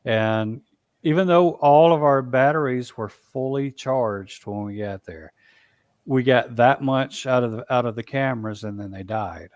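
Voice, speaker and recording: Male interview guest, mid-range voice, halting storyteller with constant restarts, dry recording. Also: mid-range voice, no echo. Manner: halting, with frequent restarts and "you know". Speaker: guest, Bigfoot researcher.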